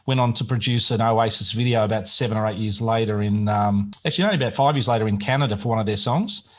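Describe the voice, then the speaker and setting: A man's voice: lowish voice, fast talker. Chatty male podcast host. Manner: chatty, laughing, storytelling. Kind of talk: casual interview chat.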